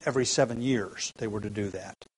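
A man preaching a sermon at an evening church gathering, earnest and deliberate, slowing down and rising in force on key points. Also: fairly low pitch, slightly rough, low-quality recording. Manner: earnest, builds emphasis by slowing down and getting louder.

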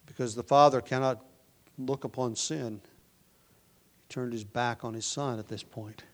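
A man preaching a sermon in a mid-pitched voice, often dropping to a quiet, hushed delivery. He swings up to loud, forceful emphasis on key lines and repeats words as he works through his explanation. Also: steady tone, a little slow. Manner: shifts between hushed, soft passages and loud emphatic lines. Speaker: pastor.

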